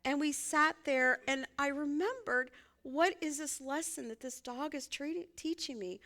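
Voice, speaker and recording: Woman minister, high bright voice, folksy and chatty sermon delivery. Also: a little slow. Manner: conversational, folksy, laughs often.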